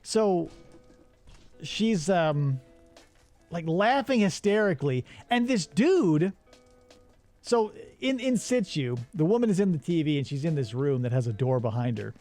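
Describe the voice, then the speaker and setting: Soft background music accompanies a man whose voice is a little high and unhurried as he casually summarizes a movie on the job. The podcast co-host tells it with animation, playing out the characters' lines.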